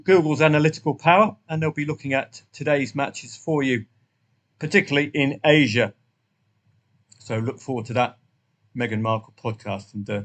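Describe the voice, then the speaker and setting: A man hosting a casual football trading review, chatty and rambling, with dry asides. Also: mid-range voice. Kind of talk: casual spoken match review.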